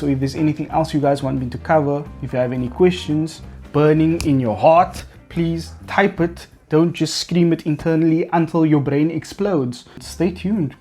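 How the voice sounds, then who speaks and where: A man's voice: a little high, mellow. A man hosting a beard care video, explaining products with playful, teasing asides.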